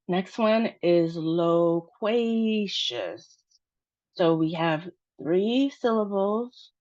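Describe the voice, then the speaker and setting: Slow, patient American woman teaching. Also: low voice. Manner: patient, spells out stress and syllables slowly. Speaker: pronunciation teacher. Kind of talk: slow pronunciation lesson. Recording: dull, dry, lo-fi sound.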